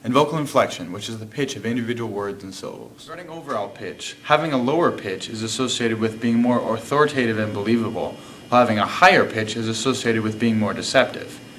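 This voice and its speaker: A male student narrating a class video in a measured, explanatory way. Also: lowish voice, fairly bright tone. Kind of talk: scripted narration.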